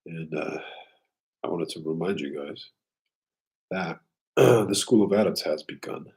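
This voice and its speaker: A man hosting a casual live stream, talking loosely and often clearing his throat. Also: sits low, a little slow, a little mellow, poor audio.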